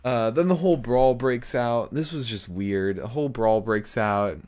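A man's voice: mid-range voice, normal speed, a little mellow. A man co-hosting a podcast, recapping a show in rambling casual chat with lots of fillers and laughs. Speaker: podcast co-host.

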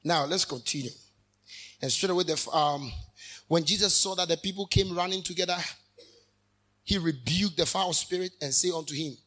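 A male minister delivers a fervent sermon. His voice sits high and sharp with a husky, breathy edge. He swings from hushed asides to sudden loud bursts. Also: moderate pace, long pauses.

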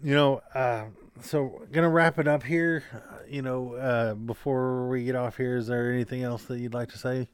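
A man's voice: mid-range voice, steady tone, normal speed, clean tone, no room sound. A man co-hosting a casual podcast, joking and rambling with fillers and restarts. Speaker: podcast co-host.

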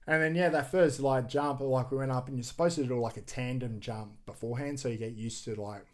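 Man, casual storyteller, lively delivery, swears freely. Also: medium pitch, fairly quick. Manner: animated, acts out quoted voices, swears freely. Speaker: podcast guest, extreme sports athlete.

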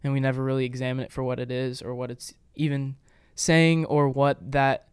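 Earnest man explaining scripture, smooth voice. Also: medium pitch, little pitch movement, normal speed, dry recording, studio quality. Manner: earnest, explanatory, with frequent fillers. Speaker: podcast co-host. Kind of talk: casual Bible discussion.

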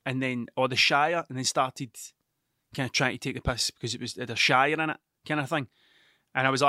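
A Scottish man from Ayrshire with a strong accent, hosting a casual solo podcast and telling stories in a sweary, animated way. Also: mid-range voice, a little fast, no echo, clean studio sound. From Scotland (Ayrshire). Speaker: podcast host.

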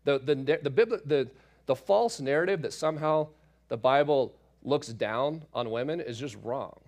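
A man's voice: mid-range voice, moderate pace, a little mellow. Man casually teaching through Scripture. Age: adult parent. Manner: casual, explanatory asides with fillers. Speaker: Bible teacher. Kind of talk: conversational Bible teaching.

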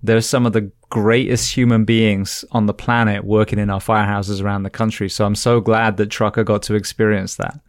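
A man's voice: lowish voice, flat delivery, a little fast, hardly any pauses, no echo, studio quality. A man hosting an interview podcast, speaking in an earnest, reflective way with long, winding sentences. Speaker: podcast host. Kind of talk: conversational interview.

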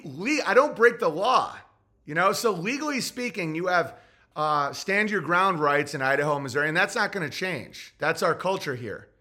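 Podcast host, male, bright tense voice, sarcastic and profane rant. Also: a little high.

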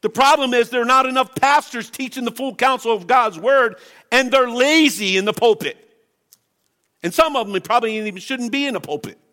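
A man's voice: very high-pitched, a little fast, pushed and bright. A man preaching a sermon as pastor, impassioned and emphatic, reading scripture and pressing his points.

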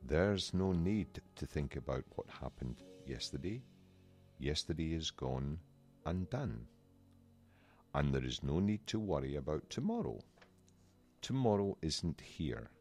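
Gentle wise panda, Scottish accent, very deep voice, lively lilt, read by a man. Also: soft background music, heavily acted. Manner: gentle, slow and soothing. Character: calm wise male panda.

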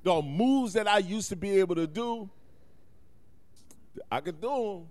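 Animated man telling a story. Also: high-pitched, unhurried. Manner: animated storytelling, profane slang, frequent laughs. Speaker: podcast co-host. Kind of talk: casual chat.

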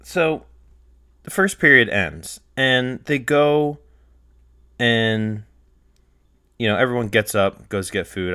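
A young man hosting a solo podcast, rambling in casual chat and getting heated, sometimes close to yelling. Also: lowish voice, no room sound. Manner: rambling, heated, rises to near-yelling when retelling anger. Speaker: podcast host.

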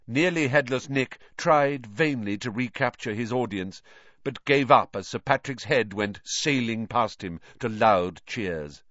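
A man narrating a fantasy audiobook with expressive storytelling. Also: mid-range voice, dry recording. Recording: dry, slightly dull recording.

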